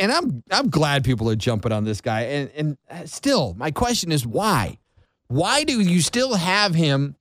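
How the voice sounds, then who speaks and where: A man from Florida hosts a morning talk radio show, animated and sarcastic as he riffs on the news. His voice sits a little high and leaps up and down constantly. The studio sound is dry and close to the mic. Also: dry recording. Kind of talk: conservative talk radio monologue. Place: radio studio without a window. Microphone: studio microphone.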